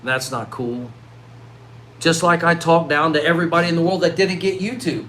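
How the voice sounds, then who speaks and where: A man's voice: a little high, fast, slight background noise. A middle-aged man delivering a worked-up vlog rant, full of restarts and repeated words. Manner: animated, worked-up ranting with many restarts. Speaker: vlogger. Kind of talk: ranting vlog monologue.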